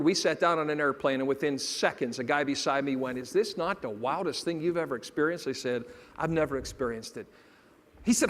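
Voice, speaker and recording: A man giving a motivational keynote, telling stories and acting out dialogue, dropping to a hush and then rising loud. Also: high-pitched. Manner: dramatic shifts between hushed and loud, acting out dialogue. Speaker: motivational speaker. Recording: long hall reverb.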